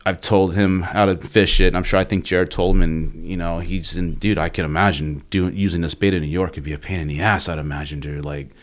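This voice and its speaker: A man's voice: deep voice, steady tone, fairly quick, few pauses. A man working as a fishing guide, telling stories in a laid-back, rambling, profane way during a casual chat.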